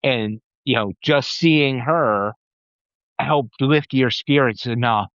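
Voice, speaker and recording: A man speaks very slowly in a casual podcast chat, rambling and filling gaps with "you know." His voice has a middling pitch. The recording is dry and muffled, like lo-fi audio. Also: fairly bright tone, no echo. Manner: slow, rambling, many "you know" fillers.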